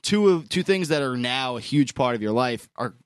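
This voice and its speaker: A man's voice: medium pitch, animated, moderate pace, clear, resonant tone, dry recording. A man co-hosting a casual interview, joking and laughing easily. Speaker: co-host.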